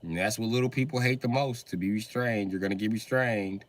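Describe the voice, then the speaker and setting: A man's voice: on the low side, a little fast. A man doing a profane, mocking comedy rant on a live stream, often laughing as he talks.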